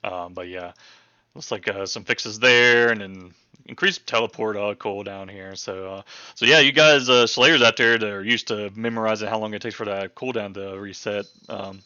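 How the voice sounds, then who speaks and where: A man's voice: on the low side, moderate pace, pushed and bright, clear, resonant tone, no echo, highs cut off. A man casually going over game patch notes for his channel, rambling and chatty with many ums, hiccuping now and then. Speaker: gaming channel host.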